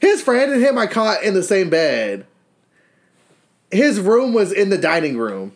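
Animated young man gossiping loudly. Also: high voice, a little slow. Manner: animated, profane storytelling with mocking voices. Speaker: podcast co-host. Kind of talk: casual gossip chat.

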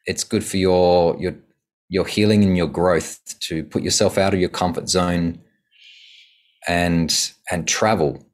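A man in an earnest, reflective way telling a podcast host about his travels and work as a coach. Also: deep voice. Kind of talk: conversational storytelling.

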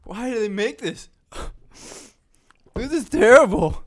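A man's voice: very high-pitched, expressive, slow pace. A man hosting a casual chat, groaning and exclaiming through a spicy food challenge. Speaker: podcast host. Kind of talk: casual chat during a hot chip challenge.

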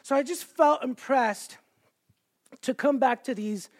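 A man's voice: very high-pitched, slow pace. A man in his thirties, a guest evangelist from the Los Angeles area, giving a sermon in a church with chatty, self-deprecating stories and jokes. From Los Angeles area, California. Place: church sanctuary with stage.

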